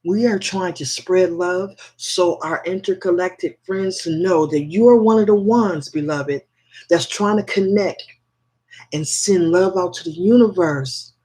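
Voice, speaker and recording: A man with a high voice hosts a spiritual livestream from his phone. He talks at an unhurried pace, repeating affirmations again and again. He greets his viewers with open affection. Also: a little mellow, husky. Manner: slow, repetitive chanting of affirmations, affectionate toward viewers. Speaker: livestream host.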